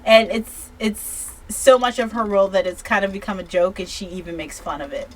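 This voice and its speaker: A woman's voice: medium pitch, a little fast. A tipsy woman giving a casual book review, rambling and swearing freely, often restarting her sentences.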